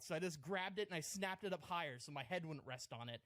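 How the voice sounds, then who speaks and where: A man's voice: a little high, expressive, quick pace, a bit bright, dry recording. A man on a podcast telling a self-mocking comic story, rambling and breaking into laughter. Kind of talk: casual comedic storytelling.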